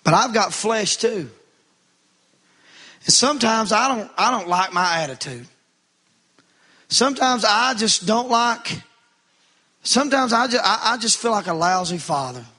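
Bright high-voiced male preacher. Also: animated, measured pace, long pauses. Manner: preaching with rising fervor, calls to the congregation. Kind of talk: sermon.

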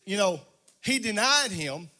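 A preacher delivers a call-and-response sermon in a high, ringing voice. He talks straight to the congregation, calls people out by name and draws a response from them. His delivery climbs into a sing-song chant as the message builds. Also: expressive, measured pace, sharp tone. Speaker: pastor.

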